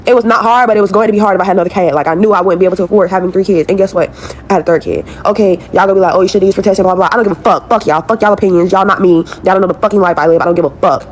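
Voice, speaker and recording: In a viral video, a mid-range-voiced young woman rants at a rapid clip, swearing and exasperated as she tells followers about her struggles. She keeps repeating herself, and a little hiss or hum can be heard.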